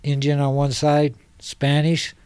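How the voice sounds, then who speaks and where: Earnest middle-aged man, dark dry voice. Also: on the high side, monotone, a little slow, smooth, no room sound. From Salt Lake City, Utah. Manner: earnest, passionate, loosely rambling. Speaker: guest, homeless advocate. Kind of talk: casual podcast conversation. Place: podcast studio.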